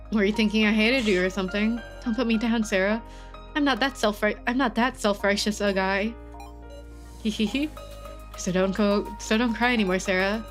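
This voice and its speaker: A woman's voice: medium pitch, natural voice. A woman voicing a young male best friend in a game, casual and teasing. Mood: reassuring.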